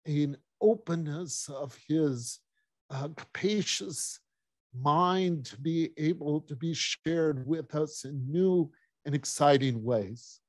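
A man presenting and introducing archive recordings, pausing and searching for words as he goes. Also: on the high side, dry recording.

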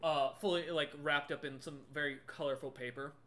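Man, game master, casual rambling narration, filler-heavy, bright forceful voice, slightly high. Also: fairly even intonation, fairly quick. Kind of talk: improvised tabletop narration.

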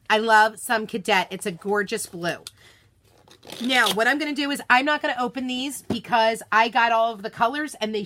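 A woman's voice: a little high, sharp tone. A woman hosting a live craft unboxing stream, bubbly and gushing, greeting viewers by name in casual chat from her desk at home.

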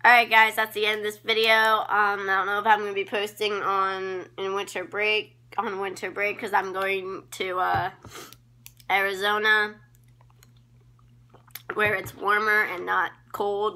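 A teenage girl vlogging casual shout-outs to friends into a phone camera, giggly and gushing, full of ums and likes. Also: mid-range voice, flat delivery, unhurried.

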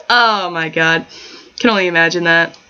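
A woman with a fairly low, bright, forceful, and clean-toned voice comments casually on a life-sim game as a gaming channel host. She giggles frequently and rambles in chatty asides, recorded through a dull lo-fi home mic.

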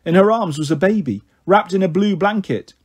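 A man narrating an audiobook in a steady storytelling manner. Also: high-pitched, a little fast, husky. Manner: steady storytelling, voices the characters' lines. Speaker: audiobook reader.

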